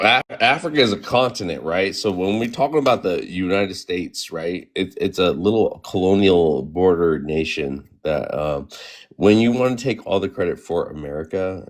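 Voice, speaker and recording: A man's voice: deep voice, darkish tone. A man from Eritrea moderating a live panel discussion, handing out turns and checking in with "right?" as he talks. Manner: calls on speakers, frequent "right?" tags. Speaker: panel host.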